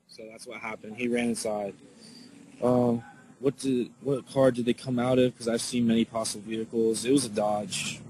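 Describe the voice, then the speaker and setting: A man speaking at an ordinary middle pitch, telling what he saw in a loose, halting flow. He leans on "like" and "you know" and often restarts mid-sentence. Faint noise sits under his voice. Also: level tone, darkish tone, rough recording. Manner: halting, filler-heavy, lots of "like" and restarts; reads out and answers viewer questions. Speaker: eyewitness. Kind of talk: casual spoken account to viewers.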